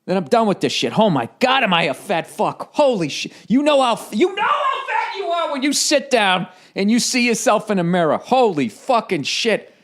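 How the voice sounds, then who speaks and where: A middle-aged man rants through a solo comedy podcast, swearing freely and swinging his pitch wildly as he goes. His slightly high voice carries a lingering cough, and it bounces faintly around a home office. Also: very animated, normal speed, few pauses, a bit bright. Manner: profane, ranting, jumps into mocking put-on voices. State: has a cough. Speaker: podcast host. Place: home office with some echo. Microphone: studio headphones and recorder.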